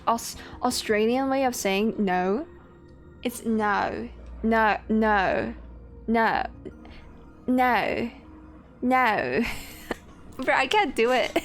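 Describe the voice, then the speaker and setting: A young woman streaming a game, chatting casually, rambling, swearing and laughing as she greets her chat. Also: high voice. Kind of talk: casual live-stream chat while gaming. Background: faint game music.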